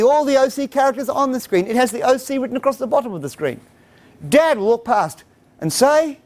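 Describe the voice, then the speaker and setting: His voice is very high-pitched and a little fast. The middle-aged man gives parents a humorous parenting talk, telling animated stories and playing out pieces of conversation.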